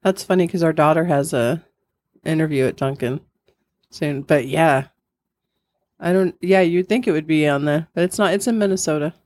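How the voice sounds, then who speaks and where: A woman's voice: low voice, moderate pace, darkish tone, dry recording. Giggly, chatty middle-aged woman. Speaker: podcast co-host. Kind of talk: casual chat.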